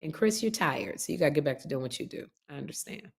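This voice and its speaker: A woman's voice: sits low, fast, vocal fry, breathy edge. A middle-aged woman hosting a podcast, telling stories in casual chat and acting out the people in them. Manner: animated storyteller, lively retellings with laughs. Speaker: podcast host.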